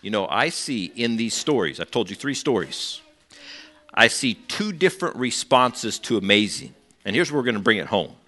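Male preacher, animated storyteller who acts out quotes, bright edge to the voice. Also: medium pitch, moderate pace. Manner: conversational asides to the congregation. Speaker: pastor. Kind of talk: sermon.

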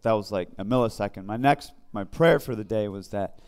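A man leads a small Bible study in a relaxed, conversational way, pausing and restarting often. His voice sits low and sounds mellow and smooth. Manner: conversational, halting with fillers and restarts. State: briefly emotional. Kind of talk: informal devotional teaching.

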